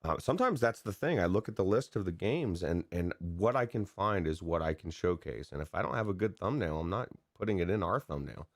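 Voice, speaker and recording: A man with a very low voice co-hosts a gaming podcast, rambling loosely and excitably, often restarting his sentences. He is recorded dry and close to the mic. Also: brisk, few pauses, dry recording. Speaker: podcast co-host. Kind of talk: casual chat about gaming news.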